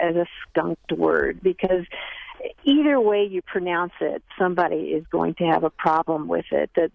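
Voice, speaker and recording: A woman's voice: lowish voice, creaky, no echo. A woman guest on a radio talk show, chatting about word pronunciation with many restarts and laughs, heard over a phone line. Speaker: language expert guest. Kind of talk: casual radio interview.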